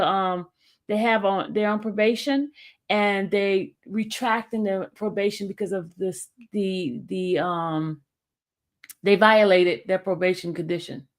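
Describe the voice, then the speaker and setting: A woman hosting a casual livestream, talking haltingly with many fillers and restarts. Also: medium pitch. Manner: gushing and excited when greeting a viewer. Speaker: YouTube livestream host.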